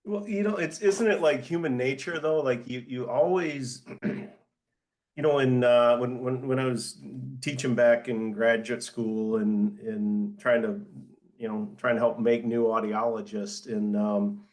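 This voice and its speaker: Halting man with a Michigan accent. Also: medium pitch, fairly even intonation, a little mellow. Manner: halting, many restarts. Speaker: audiologist guest. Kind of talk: casual chat.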